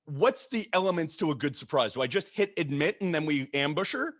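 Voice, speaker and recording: Halting male podcast host, dry sound. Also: on the high side, expressive, fairly bright tone, dry recording. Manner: halting, stumbles and restarts. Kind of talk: casual conversational podcast.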